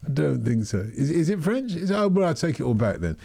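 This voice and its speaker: A man's voice: on the high side, big pitch swings, a little fast, vocal fry, dark tone, breathy edge. A man hosting a radio phone-in, chatting casually and rambling with frequent self-corrections.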